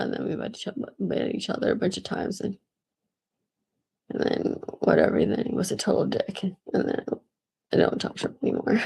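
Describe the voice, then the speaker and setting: A woman's voice: mid-range voice, gravelly, a little mellow, husky. A woman telling a long personal story in a loose, rambling way, often laughing, restarting and filling with "like". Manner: laughs often, trails off and restarts, says "like" a lot. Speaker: vlogger.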